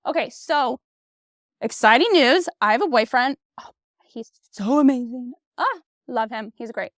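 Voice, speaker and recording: A woman's voice: high-pitched, measured pace, dry recording. A woman in her thirties hosting her own podcast, talking in a candid, blunt way, swearing freely and filling her talk with "like" and "you know", recorded on a close mic. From United States. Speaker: podcast host. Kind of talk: casual solo podcast monologue.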